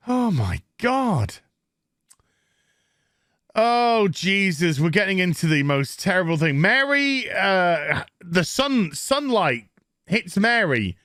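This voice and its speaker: A man's voice: sits high, huge pitch swings, slow pace, sharp tone, no room sound, clean studio sound. A man with a Yorkshire accent ranting sarcastically through a profane TV review, mocking the characters with put-on voices. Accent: Yorkshire English. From England. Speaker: TV show reviewer.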